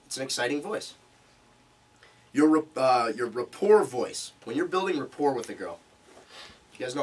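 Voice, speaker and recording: A man presenting a live seminar to a small group, animated as he demonstrates different speaking tones. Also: medium pitch, husky. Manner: animated, demonstrates vocal tones while explaining. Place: meeting room. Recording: distant mic with faint room noise.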